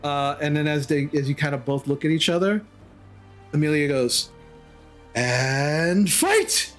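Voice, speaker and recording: A man's voice: fairly high pitch, fairly even intonation, moderate pace, soft background music. A man running a tabletop game, narrating scenes loosely with plenty of fillers. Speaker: game master.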